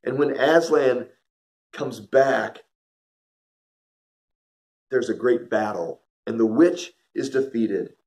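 A man's voice: medium pitch, slow, pauses often, a little mellow. A middle-aged man giving an earnest devotional talk, telling stories and speaking straight to his listeners. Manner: earnest, storytelling, addresses listeners directly.

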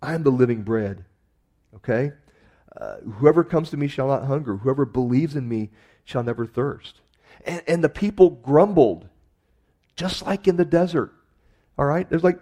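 A man's voice: medium pitch, moderate pace, long pauses, mellow. A man preaching a sermon in a conversational way, with emphatic rises on key phrases. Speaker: pastor.

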